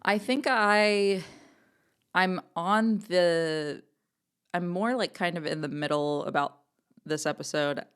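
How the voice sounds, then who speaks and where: A woman's voice: fairly low pitch, slow pace, clean tone. A woman co-hosting a casual podcast, chatty and giggly, with many fillers. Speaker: podcast co-host.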